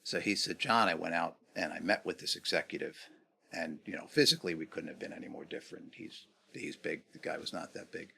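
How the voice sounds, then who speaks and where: Lively middle-aged man telling stories. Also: low-pitched, brisk, creaky, slightly rough. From New York. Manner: animated anecdotes, rhetorical questions. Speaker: guest, negotiation expert. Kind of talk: casual interview storytelling.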